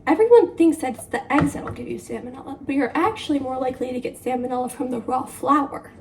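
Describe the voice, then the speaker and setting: High-voiced young woman chatting while baking. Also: quick pace, vocal fry, darkish tone, slight background noise. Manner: rambling, self-deprecating, laughs often. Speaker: vlogger. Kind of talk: casual chatty baking vlog. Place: home kitchen.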